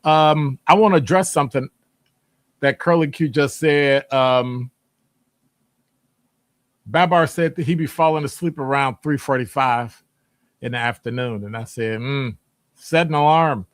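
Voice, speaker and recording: Unhurried and prone to long pauses, a middle-aged man with a medium-pitched voice runs a live stream show. The audio is dry, and he welcomes chat viewers by name with lively rises in his voice.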